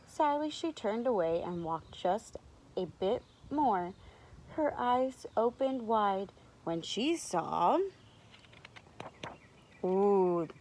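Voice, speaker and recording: A woman teacher reading a picture book aloud to young children, animated, stopping to ask them to guess. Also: mid-range voice, poor audio. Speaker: preschool teacher.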